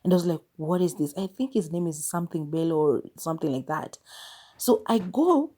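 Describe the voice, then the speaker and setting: Solo podcast host: young Kenyan woman, mellow and slightly low-pitched, chatty and animated. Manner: chatty, animated storytelling with quick asides. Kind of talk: casual solo podcast monologue.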